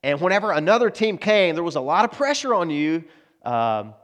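A man's voice: fairly high pitch, sing-song, a little fast, a bit bright. A man preaching a sermon in a conversational way, talking straight to his congregation and acting out quoted voices. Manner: conversational preaching, asides to the congregation, frequent restarts; acts out quoted voices in prayer and dialogue. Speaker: pastor.

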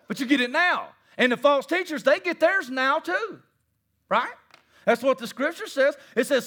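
A man preaching with a high-pitched voice, dropping to near-murmurs and then rising to shouts. He slips into the voices of his listeners with a joking, animated delivery. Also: moderate pace. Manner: animated, swings between soft asides and shouting; acts out listeners' voices and jokes with the crowd. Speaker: pastor. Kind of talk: sermon.

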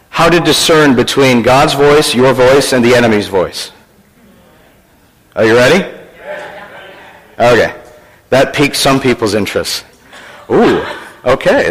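A man's voice: mid-range voice, long reverb tail, poor audio. A man preaching a sermon as pastor, joking and teasing his congregation.

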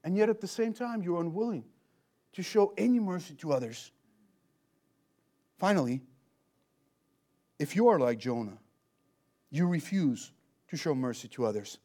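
Male preacher, high voice, animated, leans on rhetorical questions. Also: normal speed, pauses often. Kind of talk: expository sermon.

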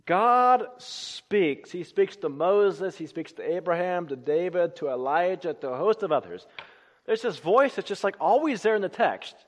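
Guy preaching a sermon in a big echoey church, voice on the higher side, goes loud then drops real quiet. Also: very animated, normal speed. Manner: dramatic swings from loud emphasis to hushed low phrases. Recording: long reverb of a large hall.

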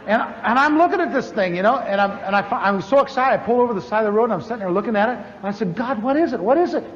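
High-voiced man preaching in an echoey hall. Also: rapid-fire. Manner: animated, acts out dialogue with big pitch swings. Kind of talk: storytelling sermon. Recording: echoey hall, dull lo-fi sound with faint noise.

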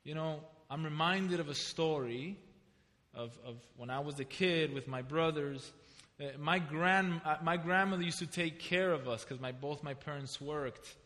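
A man's voice: on the high side, moderate pace. A man preaching a sermon as a pastor, telling a personal story and asking his listeners pointed questions. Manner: storytelling preacher, animated, asks the congregation questions. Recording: reverberant hall.

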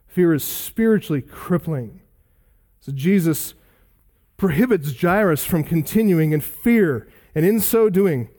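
A middle-aged male pastor preaches a sermon in a high, ringing, slightly mellow voice. His delivery is earnest and emphatic, leaning hard on key words and pausing for dramatic effect.

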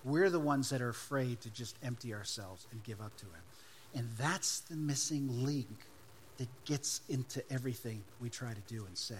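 A man preaching a sermon as pastor, emphatic, swinging between loud declarations and hushed asides. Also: medium pitch, moderate pace, a little hiss or hum.

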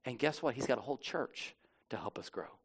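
A man's voice: animated, fairly quick, breathy edge. Chatty, self-mocking male pastor. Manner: conversational, self-deprecating, with frequent restarts and fillers; drops to a low, quiet, solemn tone for communion. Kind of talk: sermon.

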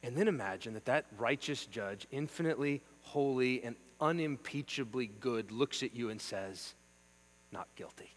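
A man preaching a sermon, emphatic and rhythmic, swinging between hushed passages and forceful declarations. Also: medium pitch, expressive, moderate pace, few pauses. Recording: long reverb with mains hum.

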